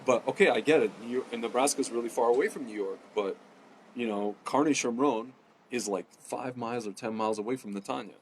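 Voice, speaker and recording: A man's voice: medium pitch, a little fast, a little hiss or hum. Rambling man ranting to camera. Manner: rambling, many fillers and restarts; addresses audience as ladies and gentlemen. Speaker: political commentator. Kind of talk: casual rant to camera. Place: home in Jerusalem.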